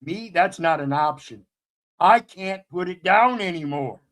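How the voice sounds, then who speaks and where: A man's voice: sits high, animated, measured pace, fairly bright tone. A man giving impassioned commentary as host, fiery, preachy and profane.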